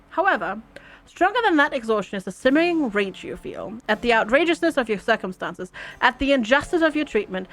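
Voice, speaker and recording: A woman's voice: on the high side, a bit bright. Playful woman reading game text. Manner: playful, laughs often. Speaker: gaming channel host. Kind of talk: reading game text aloud with casual commentary.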